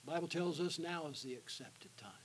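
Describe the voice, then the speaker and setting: A man preaching an evangelistic sermon in a church, calling out to the congregation for responses and dropping to a hushed voice for the invitation. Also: fairly high pitch, animated, fairly quick, slight background noise, rough recording. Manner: call-and-response with the congregation, alternating loud and hushed. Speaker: guest preacher. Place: church sanctuary.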